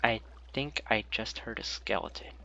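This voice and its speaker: A man giving jokey let's-play commentary while gaming, talking to himself and swinging between mumbles and excited shouts. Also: lowish voice, normal speed, creaky. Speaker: gameplay commentator. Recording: dull lo-fi mic.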